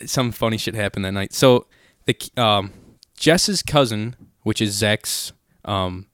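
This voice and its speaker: A man's voice: on the low side, takes it slowly, a bit bright, no room sound, studio quality. A man in his twenties telling rambling, profane stories in casual conversation as a podcast host. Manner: loose, profane, rambling storyteller. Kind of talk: casual storytelling chat.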